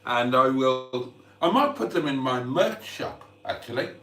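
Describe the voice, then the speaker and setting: A man's voice: mid-range voice, lively intonation, unhurried, pushed and bright, far from the mic. A man chatting casually on a live vlog from home, hungover and lisping, in a self-mocking way. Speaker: vlogger. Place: room at home. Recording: roomy, off-mic.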